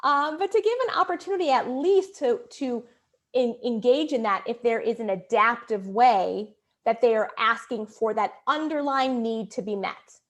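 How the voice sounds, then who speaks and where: A middle-aged woman child psychologist giving a talk to parents, quick and conversational, often tagging "right?" and acting out children's demands. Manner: quick conversational, frequent "right?" tag questions; acts out children's whiny demands in a high voice.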